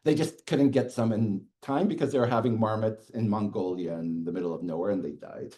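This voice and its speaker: A middle-aged man giving a university lecture in a classroom, animated and chuckling, often checking in with "okay". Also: fairly low pitch, brisk, slight background noise.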